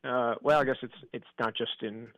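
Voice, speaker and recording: Sports director dude on the radio, talks quick, keeps trailing off and restarting. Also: male voice, medium pitch, steady tone, a bit bright, dry recording, muffled recording. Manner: hesitant, searching for words. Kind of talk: casual sports chat.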